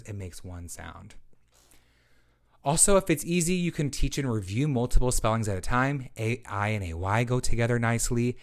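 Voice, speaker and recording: A man who researches literacy, presenting a webinar for parents and explaining teaching routines step by step, with teacher-style prompts. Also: medium pitch.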